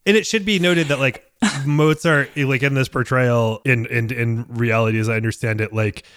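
A man co-hosting a casual film chat, rambling through his thoughts with restarts and lots of "like"s. His voice sits at a middle pitch, recorded dry and close with no room sound. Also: steady tone, moderate pace, fairly bright tone, smooth, no room sound. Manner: rambling, restarts, many fillers. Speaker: podcast co-host.

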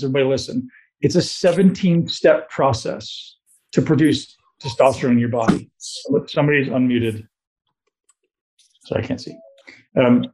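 A man's voice: medium pitch, mellow. A man giving a blunt, motivational coaching talk to a live group, swearing freely and firing questions at the room. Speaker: host giving a talk on fat loss.

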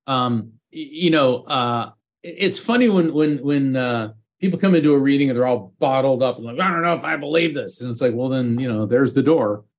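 A middle-aged man, a guest psychic medium, telling animated stories in an interview and acting out quotes. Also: mid-range voice, moderate pace. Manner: animated anecdotes with acted quotes. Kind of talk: storytelling interview.

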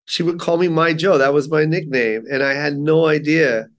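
A man's voice: a little high, moderate pace. A middle-aged man, a stand-up comedian, telling stories in a casual interview and acting out the people he quotes. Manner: animated, acts out quotes in character voices.

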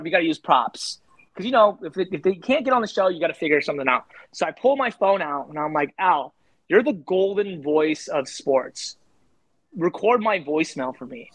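A man, a street photographer on a podcast, telling lively stories in casual talk and jumping higher in pitch as he retells moments. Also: no echo. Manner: animated, jumps to high pitch when retelling. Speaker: street photographer and interview guest. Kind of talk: casual storytelling.

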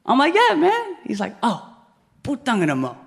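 A man doing a stand-up routine on stage, animated and acting out other people's voices in quick bursts. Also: very high voice, vocal fry. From Philippines. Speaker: stand-up comedian. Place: concert hall stage before a live audience. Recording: live stage recording, faint crowd and noise.

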